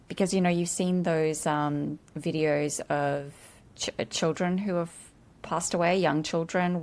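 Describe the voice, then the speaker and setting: A woman hosting a podcast, asking thoughtful, measured questions and giving soft murmurs of agreement. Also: deep voice, creaky. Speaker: podcast host. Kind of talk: interview questions.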